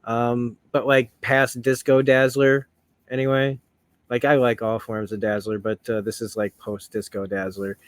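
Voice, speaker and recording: A man's voice: medium pitch, little pitch movement, unhurried, smooth, no echo. A man giving casual commentary on a comic book, rambling and correcting himself as he goes. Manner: rambling, self-correcting, laughs often.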